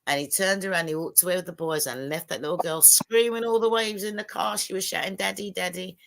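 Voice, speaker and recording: Animated woman telling stories on a call. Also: lowish voice, fast talker. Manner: animated storyteller acting out quotes. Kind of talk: casual panel chat.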